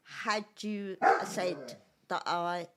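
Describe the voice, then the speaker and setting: A woman with a Cockney accent co-hosting a podcast, talking in a halting way with plenty of fillers and giggles. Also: lowish voice, animated, over a noisy crowd. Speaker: podcast co-host. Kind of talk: casual podcast chat.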